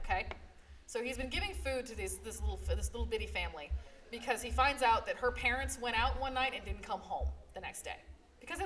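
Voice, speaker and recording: At a live convention panel, a librarian recaps manga for an audience in a voice on the high side. Her storytelling is animated and emphatic, with repeated "okay?" check-ins, picked up by a distant mic with faint room noise.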